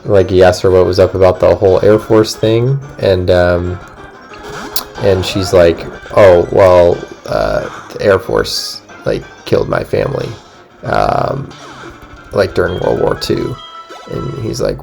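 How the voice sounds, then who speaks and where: A man's voice: low-pitched, expressive, slow, creaky, dark tone, faint music behind. A man hosting a gaming video, retelling a story casually between gameplay in a rambling, filler-heavy way, swearing now and then. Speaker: gaming channel host.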